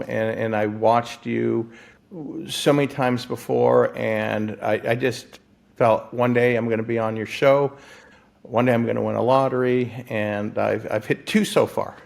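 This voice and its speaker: A gravelly-voiced man from Florida tells his story as an interview guest. He is excitable and stumbles over his words with frequent restarts, laughing often. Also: mid-range voice. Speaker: guest, physician and lottery winner.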